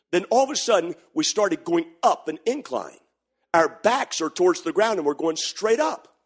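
Man, pastor, sermon, high-pitched, animated, shouting passages. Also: moderate pace, slightly rough. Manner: animated preaching, swings from quiet storytelling to shouting.

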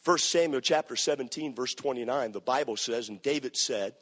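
A man preaching a sermon, animated and playful as he acts out scenes for the crowd. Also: medium pitch, a little fast. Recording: echoey hall.

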